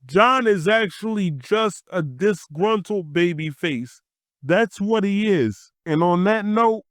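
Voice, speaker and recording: A man's voice: sits high, animated, slow pace, fairly bright tone, no echo, clean studio sound. A man ranting to camera as a wrestling commentator, blunt and exasperated, swearing freely. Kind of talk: profane rant to camera.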